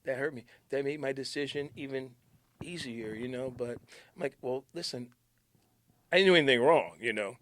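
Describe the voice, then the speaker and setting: A man's voice: medium pitch, normal speed, slight background noise. A middle-aged man, a radio DJ, casually telling old station stories, acting out the quotes and sinking to a near-whisper at times. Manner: animated storyteller, acts out quotes, drops to near-whisper. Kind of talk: casual storytelling chat.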